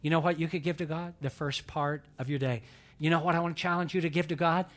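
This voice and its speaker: A male pastor preaching a sermon, emphatic, swinging between loud pushes and quiet asides. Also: fairly high pitch, steady tone, fast, faint music behind.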